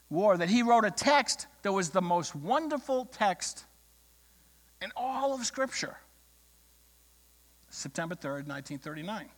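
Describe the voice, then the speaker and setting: Male pastor, sermon, impassioned storytelling, high bright voice, echoing church hall. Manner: impassioned storytelling, swings from loud declarations to hushed words.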